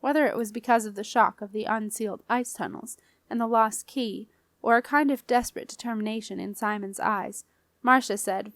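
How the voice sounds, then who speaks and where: A woman reading an audiobook aloud in a measured storytelling way. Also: on the high side, fairly even intonation, a bit bright, no echo, studio quality. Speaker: audiobook reader. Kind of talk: scripted audiobook narration.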